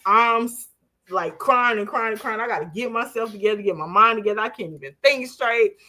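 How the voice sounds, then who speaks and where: A woman's voice: fairly high pitch, a little fast. A woman in her forties, an interview guest, telling a personal story with animation and acting out the voices of others. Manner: animated, acts out quoted voices, laughs while telling.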